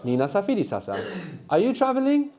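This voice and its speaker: Mellow-voiced man teaching a language class. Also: sits high, wildly swooping pitch, fast. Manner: patient, encouraging, explains step by step. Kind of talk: live classroom workshop teaching. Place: university classroom.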